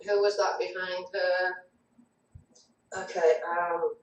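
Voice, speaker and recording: A woman's voice: lowish voice, little pitch movement, drawn-out words, echoey room, far from the mic, rough recording. A woman spirit medium, shaken, reading viewer comments aloud on a live online show. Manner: shaky, reads chat comments aloud.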